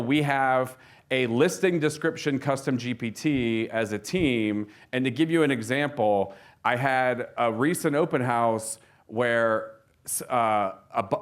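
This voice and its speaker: A man giving a casual seminar talk to an audience of real estate agents, telling stories with lots of fillers and restarts. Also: medium pitch. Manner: chatty storyteller, frequent fillers and restarts.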